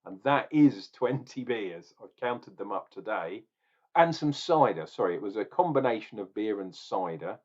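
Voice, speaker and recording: A man's voice: lowish voice, animated, moderate pace. Male beer vlogger, rambling asides, muffled lo-fi recording. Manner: rambling, chatty, self-correcting asides. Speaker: beer reviewer. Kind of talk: casual beer review vlog. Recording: dull lo-fi recording.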